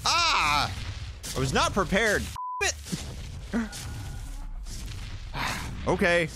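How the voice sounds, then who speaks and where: Animated joking man, high lively voice. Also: drawn-out words, background noise. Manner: animated, jokey, talks to in-game creatures. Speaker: gaming YouTuber. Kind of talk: playthrough commentary.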